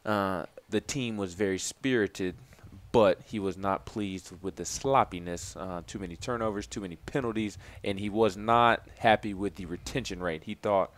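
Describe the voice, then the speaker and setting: A man's voice: on the low side, normal speed, a bit bright. A man co-hosting a casual sports talk show, reading out coach quotes and chatting about football. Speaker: sports radio co-host.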